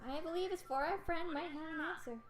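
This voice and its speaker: A woman's voice: extremely high pitch, quick pace, crowd noise, pitched above the performer's own voice. A woman voicing a sly, riddling cat-eared teen boy who teases and dodges questions in a game reading. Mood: sly teasing. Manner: teasing, evasive, singsong.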